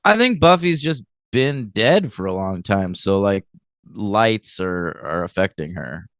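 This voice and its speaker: A man's voice: lowish voice, lively intonation, measured pace, fairly bright tone, no room sound, clean studio sound. A man co-hosting a podcast, chatting casually, laughing easily and explaining plot points. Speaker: podcast co-host. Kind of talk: casual recap chat.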